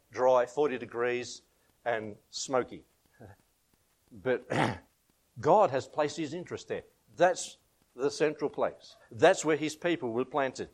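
A middle-aged Australian man preaching as a pastor. He reads scripture, leads a prayer and tells homely anecdotes with a laugh. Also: medium pitch. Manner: chatty storytelling, laughs at his own anecdotes. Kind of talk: informal sermon with Bible reading.

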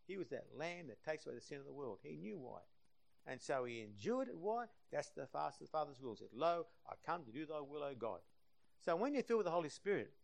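Aussie guy preaching, lively voice that jumps around, goes loud then real quiet. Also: a little high, gravelly. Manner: impassioned, swings from loud to hushed. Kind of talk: sermon.

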